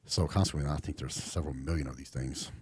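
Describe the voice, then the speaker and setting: Very deep husky man, laid-back drawl. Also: quick pace, no echo. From Texas. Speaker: podcast guest. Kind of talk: casual interview chat.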